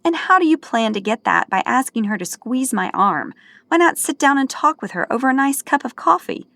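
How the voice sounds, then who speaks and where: A woman's voice: sits high, animated, fairly quick, fairly bright tone, dry recording, pitched above the performer's own voice. A woman voicing an embarrassed, protesting young man of eighteen in an audiobook, with faint music behind. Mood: flustered. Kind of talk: audiobook character voice.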